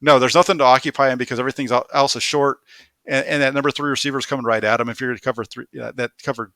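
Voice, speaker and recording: A man's voice: medium pitch, steady tone, racing, pushed and bright, no echo, studio quality. A man who co-hosts a football film review, walking through plays in detail and laughing often. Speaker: football analyst.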